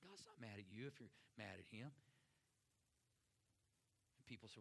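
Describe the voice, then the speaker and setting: A middle-aged male pastor with a fairly low, creaky voice delivers an earnest sermon in a conversational style. He often slips into soft, slow words and prayer.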